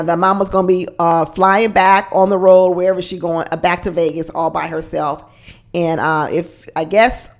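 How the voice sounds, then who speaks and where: Woman doing a chatty reality tv recap, kinda gravelly fry in her voice, gossipy, talks to y'all. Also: lowish voice. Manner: chatty and gossipy, addresses listeners as y'all, laughs often. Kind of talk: casual reality show recap commentary.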